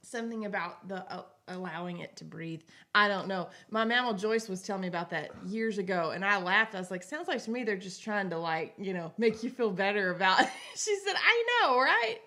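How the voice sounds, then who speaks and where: A woman's voice: medium pitch, animated, fairly quick, few pauses, sharp tone. A woman co-hosting a casual morning talk show, telling stories with frequent giggles. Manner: giggly, storytelling. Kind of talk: casual chat.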